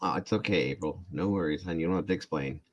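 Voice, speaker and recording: Deep-voiced guy in his 40s, rambly self-deprecating stories on a livestream call. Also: fast talker, a crowd in the background. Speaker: channel host. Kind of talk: casual livestream chat.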